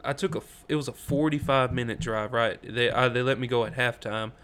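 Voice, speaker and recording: Man, casual sports podcast co-host, rambling stories, excitable, mid-pitched voice. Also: brisk, clear, resonant tone. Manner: rambling storyteller, swearing, gets loud and excited.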